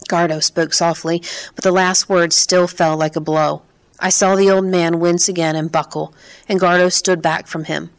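A woman narrating an audiobook in a calm, measured way. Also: fairly low pitch. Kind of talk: scripted narration.

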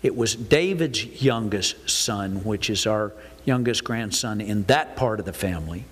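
An older man preaching a folksy, animated sermon to his congregation. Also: lowish voice, measured pace, husky. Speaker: pastor. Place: church sanctuary. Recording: reverberant church hall.

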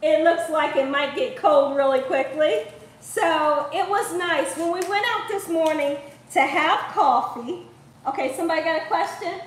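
A woman from Columbus, Ohio hosts a home cooking show from her kitchen, chatting and laughing with viewers as she cooks. Her voice is high and moderately paced, recorded far from the mic in an echoey room.

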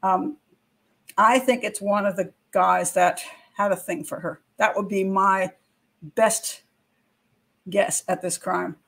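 A woman's voice: mid-range voice, steady tone, slow pace, creaky, long pauses, a bit bright. An older woman hosting true-crime commentary, giving frank, opinionated views straight to viewers with casual asides and rhetorical questions. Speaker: criminal profiler and channel host.

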